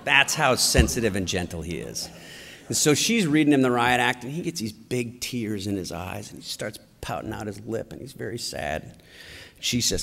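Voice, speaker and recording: Lively man in a reverberant hall. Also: on the low side, normal speed, gravelly. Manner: animated anecdotal delivery with acted quotes. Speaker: conference speaker. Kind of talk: storytelling political speech. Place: large conference hall.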